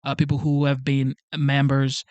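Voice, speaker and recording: With a completely flat delivery, this Nigerian man's mid-range, darkish voice moves at normal speed in a dry recording. He hosts a livestream in a Nigerian accent, rambling casually, reading viewer comments, and often saying "like" and "okay?".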